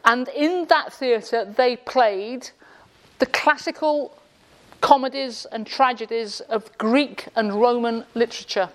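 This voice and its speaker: A woman's voice: fairly high pitch, slow. A woman giving a classroom lecture with jokes, sarcastic and quizzing her audience in a room. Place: indoor room with a live audience.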